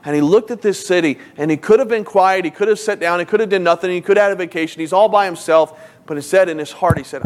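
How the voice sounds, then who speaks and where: A male pastor delivers a sermon with a slightly high-pitched voice. He preaches emphatically, reads scripture passages aloud and slips into the voices of the people he quotes. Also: fast talker, hardly any pauses.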